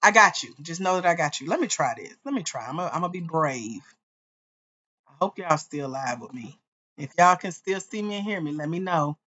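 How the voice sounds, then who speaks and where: Excitable woman chatting on a livestream. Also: deep voice, moderate pace, muffled recording. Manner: excitable, chatty, talks to viewers directly. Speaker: livestream host and grants coach. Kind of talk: casual livestream chat.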